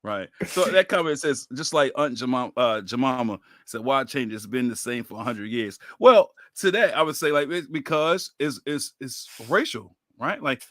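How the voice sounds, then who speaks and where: A man in his thirties hosting a podcast in casual chat, telling animated stories and acting out quoted voices. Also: mid-range voice, normal speed, hardly any pauses, no room sound, studio quality. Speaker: podcast host.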